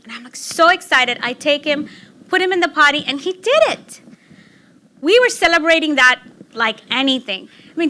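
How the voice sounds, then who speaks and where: A middle-aged woman giving a personal storytelling talk, animated and laughing, acting out excited quotes. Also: sits high. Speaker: speaker giving a public talk.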